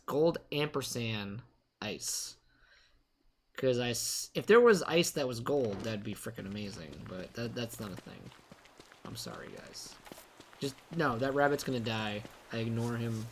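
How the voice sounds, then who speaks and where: A young man commenting live on his own gameplay, excitable, rambling and poking fun at himself. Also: mid-range voice, normal speed, a little hiss or hum. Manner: excitable, rambling, self-mocking. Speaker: game streamer.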